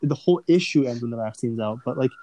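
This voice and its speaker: A man's voice: mid-range voice, animated, fast, mellow. A young male student in casual chat, blunt and profane, often restarting his sentences. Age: young adult. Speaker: university student. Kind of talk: casual chat among friends on a call.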